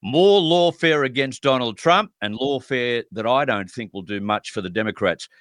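A man's voice: medium pitch, lively intonation, normal speed, a bit bright, dry recording, clean studio sound. A man hosting political talk radio, speaking emphatically and indignantly. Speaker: radio talk show host.

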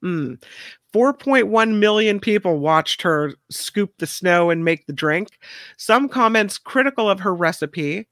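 A woman's voice: mid-range voice, lively intonation, a little slow, a bit bright, no room sound. A woman from California co-hosting a casual news show, reading stories aloud and chatting about them. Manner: chatty, reads stories then riffs.

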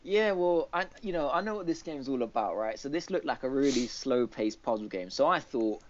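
A podcast co-host on a gaming show, this man has a medium-pitched, lively voice and talks a little fast, with slight background noise. His casual retelling rambles, packed with fillers and restarts, over dull lo-fi podcast audio.

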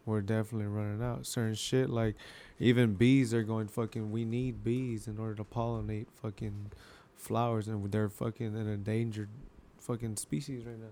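A man's voice: on the low side, little pitch movement, normal speed, few pauses, mellow. A young man chatting casually, swearing freely and acting out scenes with quoted voices as he retells a story. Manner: loose and profane, acts out scenes in quoted voices. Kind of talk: casual chat.

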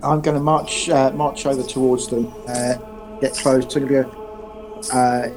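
A man's voice: mid-range voice, little pitch movement, a little slow, a crowd in the background. A man playing a tabletop game, casual and full of fillers. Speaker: player.

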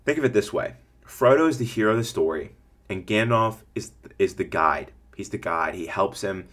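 A man hosting a podcast, giving casual business coaching in an energetic, rambling way and acting out what customers would say. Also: on the low side, moderate pace. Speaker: podcast host.

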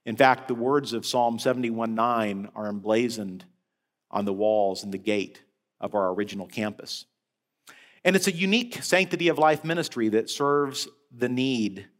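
A man preaching a sermon as head of a senior-care ministry, telling a story with animated rises and falls. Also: medium pitch. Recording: long hall reverb.

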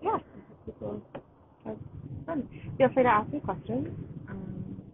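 Gravelly woman chatting on a tinny line. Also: on the high side, measured pace. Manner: chatty, rambling, a little excited. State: tired, with allergies. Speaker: podcast host reading poetry. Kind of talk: casual live-stream chat. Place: outdoors, train in the distance. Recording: tinny phone-like sound, faint outdoor noise.

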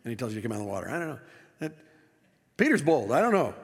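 A male pastor preaching a sermon with animated delivery, his voice rising and falling, with wry asides to the congregation. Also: mid-range voice, very fast, long pauses, long reverb tail. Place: church sanctuary.

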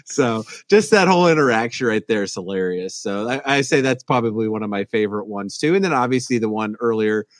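A man's voice: fairly low pitch, expressive, brisk, few pauses, no echo, clean studio sound. A man guest on a podcast, laid-back and chuckling, often trailing off at the end of a thought. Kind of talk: casual podcast discussion.

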